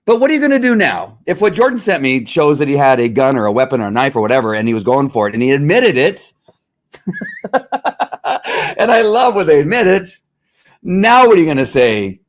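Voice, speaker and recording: A worked-up man hosts a podcast and rants in loose political commentary. He talks at a mid pitch, stumbles, restarts often and pushes hard on his points. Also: expressive, fast, few pauses. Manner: fired-up, rambling, with frequent restarts. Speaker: podcast host.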